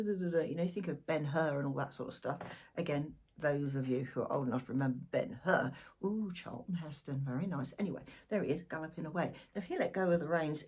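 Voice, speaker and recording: A woman's voice: fairly low pitch, a little mellow, husky. A middle-aged woman doing a casual, exuberant weekly tarot reading, chatty and full of asides. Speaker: tarot reader. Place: home room, seated in a squeaky chair.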